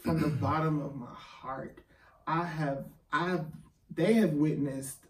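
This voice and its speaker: A man's voice: on the high side, fairly even intonation, slow pace. A man co-hosting a casual chat show, speaking in a heartfelt, emotional way. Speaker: podcast co-host. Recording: echoey room, mic at a distance, faint ambient noise.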